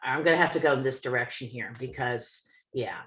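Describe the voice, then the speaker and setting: A woman with a New Jersey accent, co-hosting a podcast, telling a story in a lively way, acting out the people in it and laughing often. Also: rumbling low, a little fast, reverberant. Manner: animated, acts out quoted people, laughs often. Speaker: podcast co-host, medium. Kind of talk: casual storytelling chat.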